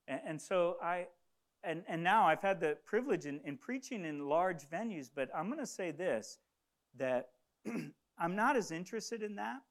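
A man's voice: a little high, expressive, normal speed, fairly bright tone. A middle-aged man from the Congo preaching a sermon, telling a story earnestly and often restarting his phrases. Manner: earnest, repeats words when starting phrases. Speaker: pastor.

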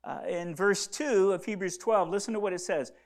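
Man, pastor, sermon, high voice, earnest, repeats key words. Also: a little fast. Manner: earnest, repeats phrases, varies volume for emphasis.

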